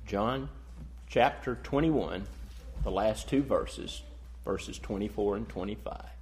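Slow, deliberate male preacher. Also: lowish voice, a little mellow, slight background noise. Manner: slow, measured preaching that swells in emphasis; reads scripture in solemn King James cadence. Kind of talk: sermon.

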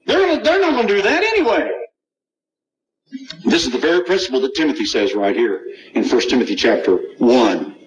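A man's voice: mid-range voice, big pitch swings, moderate pace, rough recording. A middle-aged man, preaching a sermon, reading scripture with emphasis and asking the congregation rhetorical questions.

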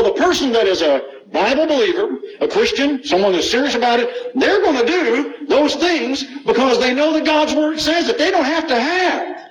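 A man's voice: extremely high pitch, rough recording. A middle-aged man, preaching a sermon, reading scripture with emphasis and asking the congregation rhetorical questions.

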